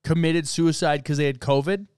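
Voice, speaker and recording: A man with a clean, resonant voice talks through a true-crime case in loose podcast conversation. He reads from documents and thinks out loud. The sound is dry and close to the mic. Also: on the high side, fairly even intonation, normal speed, clear, resonant tone, dry recording. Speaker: podcast co-host. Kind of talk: casual true-crime discussion.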